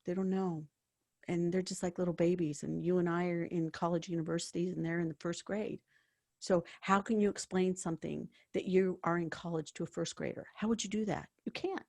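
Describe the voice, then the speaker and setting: Earnest storytelling woman, low voice. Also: steady tone, fairly quick, gravelly, a little mellow, dry recording, clean studio sound. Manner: earnest, storytelling, acts out quoted dialogue. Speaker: podcast guest, former hospice worker. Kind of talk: conversational interview.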